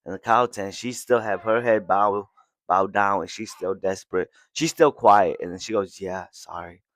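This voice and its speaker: A man's voice: lowish voice, normal speed, a bit bright, dry recording. A man hosting a podcast, casually retelling an anime episode scene by scene and briefly acting out the characters' lines. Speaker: podcast host.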